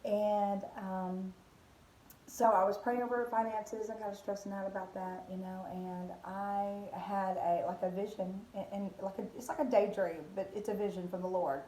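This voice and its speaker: A woman's voice: mid-range voice, little pitch movement, moderate pace, warm tone, a little hiss or hum. A woman giving a casual devotional talk as a Christian vlogger, rambling with many fillers and restarts. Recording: roomy echo.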